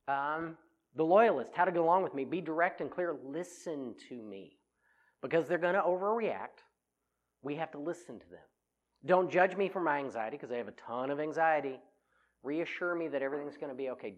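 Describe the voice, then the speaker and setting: A middle-aged man giving a humorous talk to an audience on personality types, telling self-mocking stories. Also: medium pitch. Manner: animated, self-mocking storytelling.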